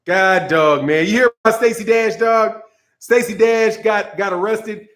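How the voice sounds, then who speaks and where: A man's voice: sits high, unhurried, fairly bright tone. A man hosting a boxing commentary channel, ranting in a heated, profane way, repeating himself and breaking into laughter.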